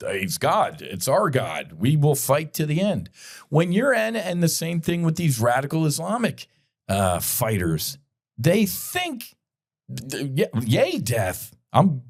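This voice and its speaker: A middle-aged man hosting a podcast, delivering an impassioned, blunt commentary monologue with frequent profanity and direct appeals to his listeners. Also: fairly high pitch. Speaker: podcast host.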